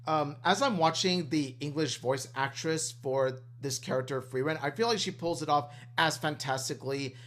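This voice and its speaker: A man's voice: on the high side, moderate pace, few pauses, a bit bright. A man co-hosting a podcast in casual chat, earnest and enthusiastic, often repeating himself. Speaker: podcast co-host.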